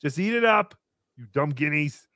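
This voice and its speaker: A man's voice: fairly high pitch, lively intonation, normal speed, creaky, bright, forceful tone, no room sound, studio quality, heavily acted. A man doing a giggly crude green puppet. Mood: cheeky. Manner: brash, giggly, talks about himself in third person. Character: small green male puppet creature, crude and giddy. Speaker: puppet host reading donations. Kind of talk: comedy livestream puppet act.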